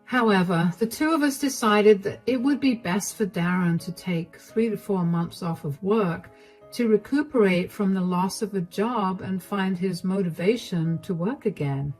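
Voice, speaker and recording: A woman reading a first-person story as a narrator, in a measured, even storytelling manner. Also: medium pitch, faint music behind, rough recording.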